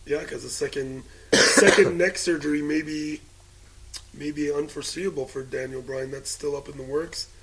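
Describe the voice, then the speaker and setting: A man's voice: fairly high pitch, fairly even intonation, normal speed, fairly bright tone, poor audio. A man co-hosting a casual wrestling podcast, cracking jokes and swearing casually. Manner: wisecracking, casual profanity. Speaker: podcast co-host.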